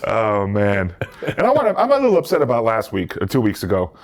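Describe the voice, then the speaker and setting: A man from Eastern Europe, a comedian co-hosting a casual podcast, telling stories with lively quoted dialogue. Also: fairly low pitch, fast. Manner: animated storyteller, quotes others in voices.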